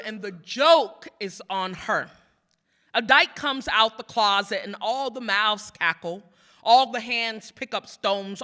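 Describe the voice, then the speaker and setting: A woman's voice: on the high side, bright, forceful tone. A woman poet giving a live reading at a museum, mixing playful, self-teasing asides with rhythmic, building spoken-word poems. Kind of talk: live poetry reading with banter. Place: museum event before an audience.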